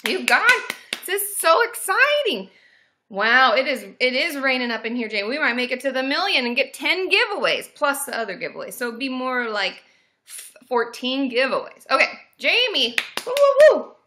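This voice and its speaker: A woman's voice: sits high, sing-song, normal speed, sharp tone. A woman in her thirties, a therapist hosting a casual livestream, bubbly and cheering viewers on with woos and yays.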